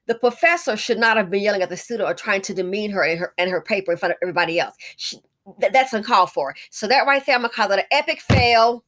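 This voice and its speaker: A woman's voice: medium pitch, fast talker, a bit bright. Indignant woman calling people honey. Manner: indignant, emphatic, repeats phrases; calls the listener honey. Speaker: commentator. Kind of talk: casual video commentary.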